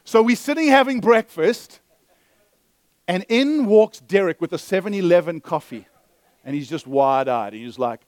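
A male pastor telling a story in a sermon, animated, swinging between loud bursts and hushed asides. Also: sits high, unhurried, dry recording.

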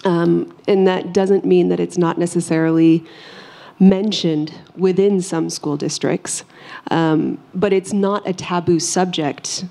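A woman's voice: on the low side, fairly even intonation, slow pace, vocal fry, warm tone. A woman on a panel answering questions about school education, speaking carefully with many fillers.

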